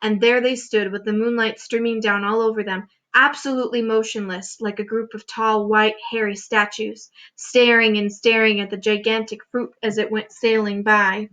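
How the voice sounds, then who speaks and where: A woman teacher reading a children's chapter book aloud with expressive storytelling. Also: medium pitch, moderate pace, hardly any pauses, highs cut off. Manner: expressive storytelling, showing pictures.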